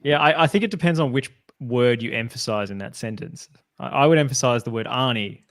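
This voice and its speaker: A man's voice: mid-range voice, no room sound, clean studio sound. A man hosting a casual podcast chat, wry and joking. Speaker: podcast host.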